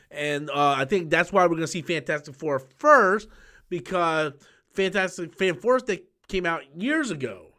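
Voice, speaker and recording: A man hosting a live-stream chat from a small room under studio lights, excitable and profane, humming movie sound effects as he talks. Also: on the high side. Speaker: YouTube host.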